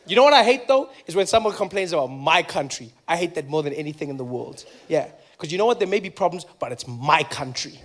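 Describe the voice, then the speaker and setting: Playful South African comedian. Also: male voice, fairly high pitch, expressive, quick pace, few pauses, a bit bright. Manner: conversational, playful, acts out voices. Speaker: stand-up comedian. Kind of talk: stand-up routine.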